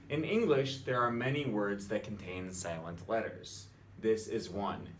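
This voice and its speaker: Lively, bright-voiced exasperated young man. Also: mid-range voice, a little hiss or hum. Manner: exasperated, incredulous. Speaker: language vlogger. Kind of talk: opinionated vlog commentary.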